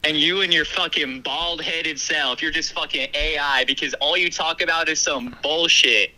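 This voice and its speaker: A man's voice: a little high, steady tone, moderate pace, sharp tone, low-quality recording. A man calling in to a comedy podcast to insult the hosts, in aggressive, taunting, profane trash-talk. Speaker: caller insulting the show.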